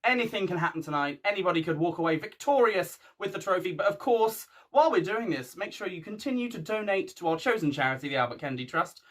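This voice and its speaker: Excitable male co-host with a high voice, chatting between votes. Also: quick pace, hardly any pauses. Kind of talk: live show hosting.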